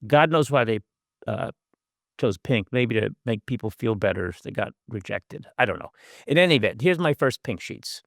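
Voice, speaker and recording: A man's voice: medium pitch, expressive, normal speed, gravelly, a bit bright, no echo, studio quality. An older man and professor giving a conversational lecture over a video call, with wry asides and frequent fillers. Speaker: guest speaker, professor.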